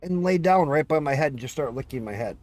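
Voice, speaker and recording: A man's voice: on the high side, lively intonation, fast talker, darkish tone, dry recording. A man streaming live, chatting casually and telling long rambling stories about his pets, swearing freely and slipping into little meows. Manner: rambling, swears freely, breaks into cat and dog impressions. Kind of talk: casual chat.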